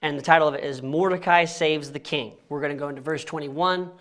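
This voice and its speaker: A man's voice: on the high side, steady tone, a little fast, a bit bright. A young man reading scripture aloud and teaching it casually in a church, often stumbling over names and laughing at himself. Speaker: Bible study teacher.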